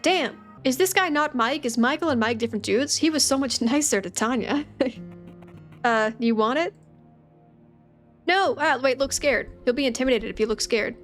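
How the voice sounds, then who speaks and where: A woman's voice: a little high, brisk, faint music behind. A woman streamer giving playful, joking commentary while playing a game. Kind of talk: let's play commentary.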